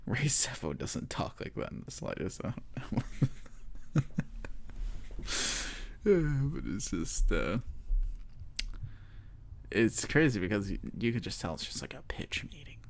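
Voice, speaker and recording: A man's voice: on the low side, very animated, measured pace, pauses often. A man hosting a sports podcast, ranting casually, swearing often, laughing and trailing off mid-sentence. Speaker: podcast host. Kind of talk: casual profane rant.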